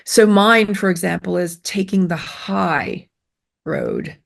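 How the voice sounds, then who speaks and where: Taking it slowly with noticeable vocal fry, a middle-aged woman of medium pitch offers sincere self-esteem advice in an interview. She speaks emphatically, repeats phrases, and uses lots of fillers and restarts.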